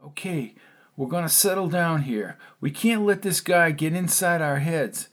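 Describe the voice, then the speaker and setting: A man voicing a tough, protective middle-aged uncle in an audiobook, gruff and blunt, given to cursing. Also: fairly high pitch, animated, measured pace, voice pushed up. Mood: calming. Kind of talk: audiobook character reading.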